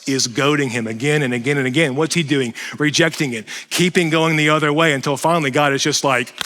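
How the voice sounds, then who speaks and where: A man preaching a sermon as pastor, animated and self-deprecating, swinging between loud emphasis and quiet asides. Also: mid-range voice. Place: church sanctuary. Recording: reverberant church hall.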